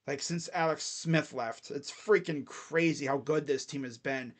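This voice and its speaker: A man hosting a football picks video, talking casually and excitably and thinking out loud. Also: on the high side, unhurried. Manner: rambling, excitable, thinks aloud. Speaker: sports picks channel host.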